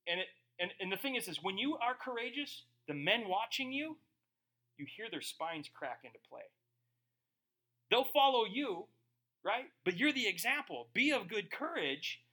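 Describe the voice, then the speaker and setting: Male pastor, sermon delivery, high bright voice, slow scripture reading and casual asides. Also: big pitch swings. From Germany. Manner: reads scripture slowly, then talks casually with asides.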